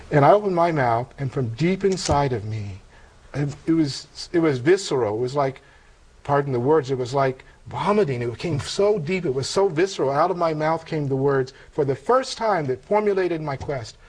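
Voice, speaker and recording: A man's voice: a little high, darkish tone, rough recording. Earnest older man telling his story. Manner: earnest, reflective storytelling with halting restarts and quoted dialogue. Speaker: interview guest telling a conversion story. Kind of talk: personal testimony in conversation.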